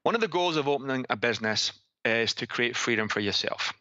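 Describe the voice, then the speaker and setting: A man's voice: mid-range voice, animated, a little fast, bright, forceful tone, no echo, muffled recording. A Scottish man hosting a fitness-business podcast segment, talking emphatically and asking his listeners rhetorical questions. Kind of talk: business advice talk.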